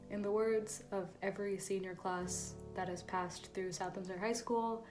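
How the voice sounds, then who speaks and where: Teen girl, choir senior, choking up mid-speech, loud music bed. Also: medium pitch, steady tone. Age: teens. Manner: tearful, halting, laughing through emotion. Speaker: graduating show choir senior. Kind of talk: emotional farewell message.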